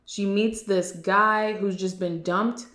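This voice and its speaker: A woman casually recapping a movie, animated and quick to mimic the characters. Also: medium pitch. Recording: roomy echo.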